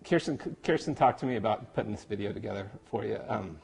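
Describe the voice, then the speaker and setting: A man recording a heartfelt, halting birthday message to his best friend, getting emotional and joking at himself. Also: on the low side, creaky, darkish tone, slightly rough, faint music behind. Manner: emotional, halting, self-deprecating. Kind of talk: personal video message. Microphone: camera.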